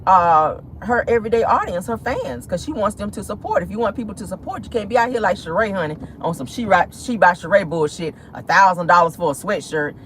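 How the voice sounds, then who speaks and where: Sassy, animated gossip host woman. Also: mid-range voice, brisk, hardly any pauses, slight background noise. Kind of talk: casual commentary.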